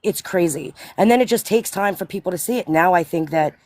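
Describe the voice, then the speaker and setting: A woman hosting a casual live stream, talking fast and insistently, often asking "you know what I mean". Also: lowish voice, a little mellow. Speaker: host.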